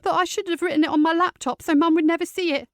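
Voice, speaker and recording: A woman voicing an upset teenage girl, speaking high and quick in an audiobook. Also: steady tone, no room sound, clean studio sound. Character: distressed teenage girl, tearful and defiant.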